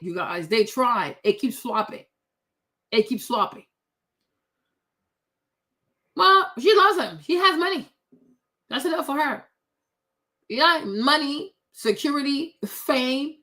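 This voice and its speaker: A woman's voice: high-pitched, fairly bright tone. A woman hosting opinionated commentary, blunt and sassy, talking straight to her viewers. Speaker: commentary host.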